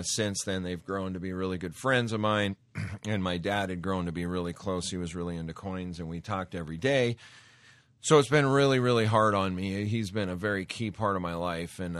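Deep-voiced emphatic male talk radio host. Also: a bit bright, dry recording. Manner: emphatic, repeats words and restarts.

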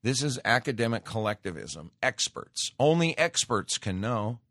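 There's no room sound on this studio microphone recording of a man whose voice runs on the low side. Hosting a talk show, he gives a loose, conversational radio monologue packed with asides and restarts.

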